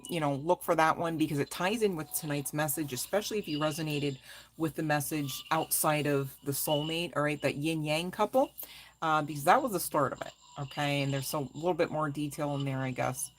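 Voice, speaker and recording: A woman's voice: deep voice, a little hiss or hum. A woman tarot reader chatting casually on a live stream, affectionate with viewers and laughing often as she talks. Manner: laughs often mid-sentence.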